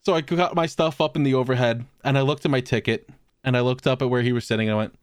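Animated podcast storyteller man, dry mic. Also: medium pitch, quick pace, smooth, no room sound. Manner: animated storyteller, swears, laughs often. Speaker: podcast co-host. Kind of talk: casual storytelling chat.

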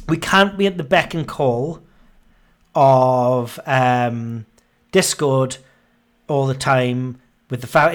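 A man in his thirties hosting a podcast, out of breath, rambling and grumbling with self-mocking humor. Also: fairly high pitch. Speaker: podcast host. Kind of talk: casual monologue.

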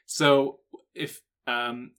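A man with a bright, forceful voice chats loosely with a co-host. He rambles through explanations, restarting his sentences. He has a playful manner. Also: medium pitch, steady tone, very slow, smooth. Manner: rambling, explains facts at length, slips into silly character voices. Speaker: podcast co-host. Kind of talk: casual chat.

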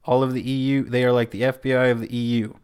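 Man, American, casual podcast chat, teasing, rambling, mid-pitched voice. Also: little pitch movement, fast talker, darkish tone, clean tone. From United States. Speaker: podcast co-host.

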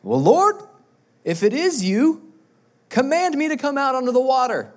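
A man voicing a bold, eager male fisherman disciple who pleads in a high voice. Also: very animated, normal speed.

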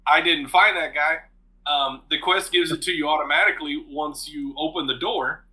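Bright-voiced man, excited swearing storyteller. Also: on the high side, normal speed, rough recording. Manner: animated, swears freely, laughs often. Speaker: podcast co-host. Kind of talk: casual chat.

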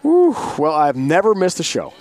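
Animated male sports broadcaster telling a story. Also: fairly high pitch, normal speed. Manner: animated storyteller, acts out quoted voices, laughs often. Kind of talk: storytelling in an interview.

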